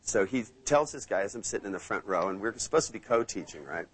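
A man running a live hypnosis seminar, playful and storytelling, sinking into a slow hypnotic tone when he demos trance suggestions. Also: fairly low pitch, lively intonation, husky, rough recording. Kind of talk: live seminar teaching with anecdotes. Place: seminar room with live audience.

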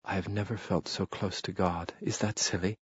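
A man's voice: little pitch movement, normal speed, husky, no echo, muffled recording. Man voicing a breathless young Italian woman. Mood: tender. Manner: breathless, trembling, lifts pitch for her. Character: passionate young Italian woman, tender and overwhelmed.

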